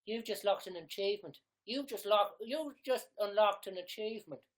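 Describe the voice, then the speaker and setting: A man's voice: high voice, normal speed, pitched above the performer's own voice, lightly acted, poor audio. A man putting on an exaggerated fake Irish accent, playing a cheery young male gamer who repeats sing-song catchphrases. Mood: rowdy. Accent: put-on Irish.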